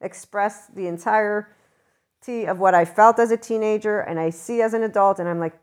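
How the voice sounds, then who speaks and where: A woman's voice: medium pitch, normal speed, clean tone. A woman giving a blunt, passionate spiritual monologue in a casual, unscripted way, swearing freely. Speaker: spiritual commentator.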